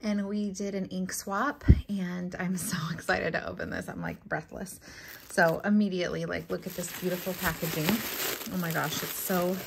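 A young woman chatting casually as she unboxes mail, gushing and excitable, with frequent gasps and exclamations. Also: fairly low pitch, normal speed, creaky, background noise. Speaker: stationery vlogger.

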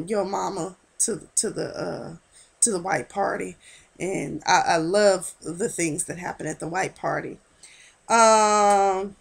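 Sassy woman vlogger, mid-pitched, chatty recap, acts out lines. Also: a bit bright. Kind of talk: casual episode recap.

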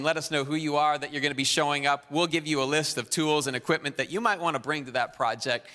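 Energetic pastor in a bright, reverberant hall. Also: male voice, fairly high pitch. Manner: energetic, exhorting the crowd. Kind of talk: sermon announcements. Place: church auditorium. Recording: long reverb in a large hall.

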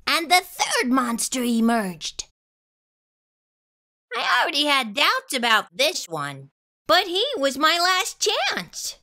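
A woman reads a children's picture book aloud with animated, expressive storytelling. Her voice is high and bright, and her pitch leaps around. She takes her time, reading at a very slow, unhurried pace.

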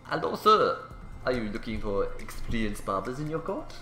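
A man's voice: medium pitch, steady tone, quick pace, fairly bright tone, reverberant, soft background music, natural voice. A man voicing a boastful male barber with an exaggerated mock French accent in a game playthrough.

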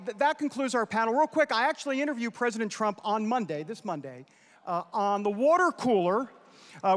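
High-voiced moderator from New York. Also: male voice, a bit bright. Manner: chatty, loose, many fillers. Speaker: panel moderator and show host. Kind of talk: casual anecdote and wrap-up announcements. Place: conference hall stage. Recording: long hall reverb.

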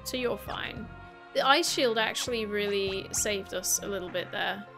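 A gaming YouTuber of medium pitch and moderate pace casually talks through a video game she's playing. Her let's-play is chatty and thought-aloud, sprinkled with playful swearing, with game music in the background.

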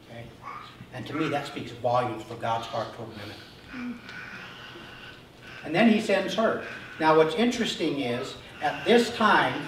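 A man preaching an Easter sermon as pastor, talking to the congregation and often checking in with "Okay?". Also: a little high. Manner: animated, acting out Bible figures. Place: church sanctuary. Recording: very echoey room, voice from a distance, faint noise.

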